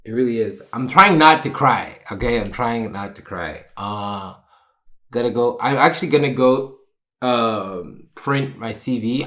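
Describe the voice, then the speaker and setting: A young man hosting a solo podcast, talking in a rambling, emotional, candid way and swearing casually. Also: fairly low pitch. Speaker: podcast host. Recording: roomy echo.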